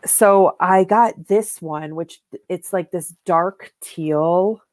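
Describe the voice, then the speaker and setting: A woman's voice: fairly low pitch, takes it slowly, darkish tone, no echo. A woman co-hosting a knitting show, chatting casually and showing yarn and fabric to the camera, rambling with many "like"s and "um"s.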